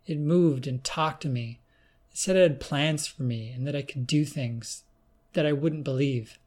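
A man's voice: a little high, darkish tone. A man voicing a shaken young woman. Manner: hesitant, halting. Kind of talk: audiobook reading.

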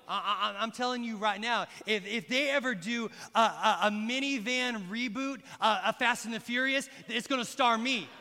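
Preacher guy, high bright voice, animated storytelling, big hall reverb. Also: normal speed. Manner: storytelling, animated, talks to the congregation directly. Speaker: pastor. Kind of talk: sermon. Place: church hall. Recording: long reverb in a large hall.

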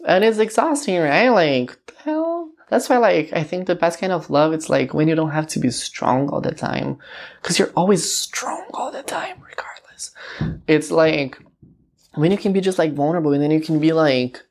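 A woman's voice: low-pitched, animated, normal speed, gravelly, a little mellow. A woman hosting a casual song reaction vlog, chatty and gushing, with lots of fillers. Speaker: vlog host.

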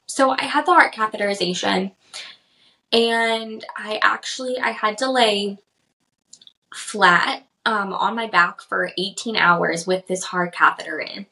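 A young woman shares a personal story on her podcast in a loose, chatty way, full of "like" and "um". Her voice is bright and forward with a gravelly edge. She sits at a mid pitch for a woman. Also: rough recording. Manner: chatty, lots of "like" and "um", gets emotional in places. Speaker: podcast host.

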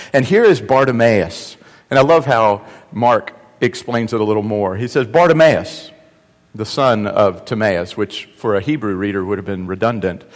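A man preaching a sermon, telling the story with animated delivery that swings from loud cries to hushed asides. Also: mid-range voice. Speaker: pastor. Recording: long reverb of a large hall.

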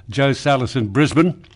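Fields: Figure: veteran radio host, played by a man. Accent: Australian. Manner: dry, wry, unhurried. Pitch: mid. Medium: comedy radio sketch.

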